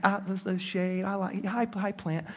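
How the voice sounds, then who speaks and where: A man's voice: sits high, fairly even intonation, measured pace, breathy edge. A man doing a sulky, whiny prophet. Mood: doting. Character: sulky, self-pitying grown man prophet. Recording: long hall reverb.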